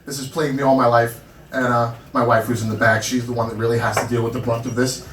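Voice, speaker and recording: A stand-up comic in his thirties, hailing from Long Island, New York, tells brash, self-deprecating tales at a small comedy club. He talks quickly at a medium pitch with little rise and fall, captured distantly in a roomy space with a loud crowd.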